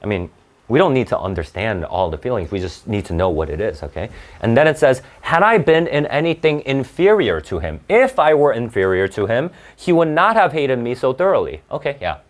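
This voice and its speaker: Lively, blunt young male SAT tutor. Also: mid-range voice, brisk. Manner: casual, blunt and animated, asking rhetorical questions with many fillers. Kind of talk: online tutoring lesson, reading a passage aloud and explaining it.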